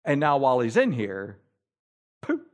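Animated, humorous preacher. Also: male voice, mid-range voice, measured pace. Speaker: pastor. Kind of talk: sermon.

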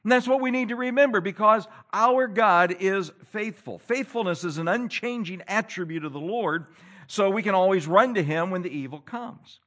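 A man preaching a sermon to his church, swinging between loud emphasis and low hushed lines and reading scripture in old-fashioned wording. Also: normal speed. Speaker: pastor.

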